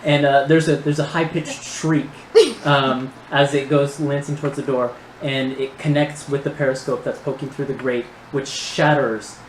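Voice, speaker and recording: A man's voice: mid-range voice, flat delivery, normal speed, echoey room, a little hiss or hum, low-quality recording. A man narrating a tabletop game as game master, laid-back and hesitant, with many ums and restarts.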